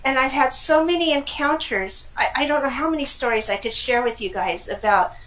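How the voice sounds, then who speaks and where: A middle-aged woman from California telling her personal story in a casual, animated way, laughing often and exclaiming. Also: high-pitched, brisk, rough recording. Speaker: guest.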